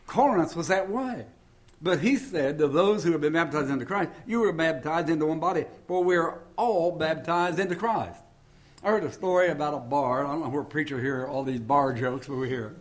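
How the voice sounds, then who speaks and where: A man's voice: a little high, brisk. An older man preaching a sermon in a folksy way, mixing scripture with jokes and homespun stories. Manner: folksy, joking storyteller.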